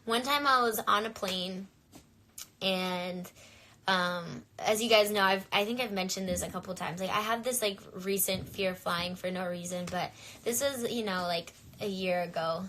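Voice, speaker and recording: A woman's voice: medium pitch, normal speed, pushed and bright, slight background noise. A young woman talking candidly to viewers on a phone livestream, chatty and full of fillers. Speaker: singer on a livestream. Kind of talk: casual livestream chat.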